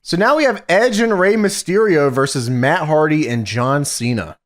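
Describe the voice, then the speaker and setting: A man's voice: on the high side, expressive, normal speed. A man co-hosting a podcast in casual chat, joking and acting out quoted lines. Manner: joking, acts out quoted lines, laughs often. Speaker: podcast co-host. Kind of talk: casual chat reviewing old wrestling.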